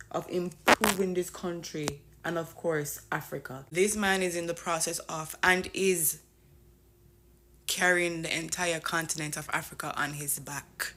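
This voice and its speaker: A woman from Jamaica giving casual, animated commentary that turns into emphatic declarations. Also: on the low side, moderate pace. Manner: animated, emphatic, mixes chat with passionate declarations.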